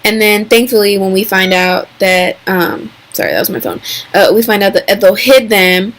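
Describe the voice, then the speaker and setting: A young woman talks through a TV episode recap in a loose, excitable vlog voice. She piles on fillers and slips into quick, exaggerated impressions of the characters. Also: mid-range voice. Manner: chatty and excitable, full of fillers and "like".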